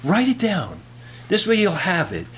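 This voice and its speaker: A man's voice: high-pitched, wildly swooping pitch, moderate pace, a bit bright, slight background noise, voice pushed up, heavily acted. A man voicing a doctor who earnestly advises an old couple to write things down. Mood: advising. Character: calm male doctor giving practical advice.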